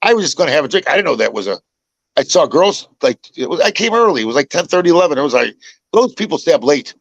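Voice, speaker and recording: Older man from Chicago, host, casual chat, rambling restarts, slightly high voice, dry close sound. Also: big pitch swings, quick pace, no room sound, dull audio. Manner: rambling storyteller, many restarts and repeats. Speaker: podcast host.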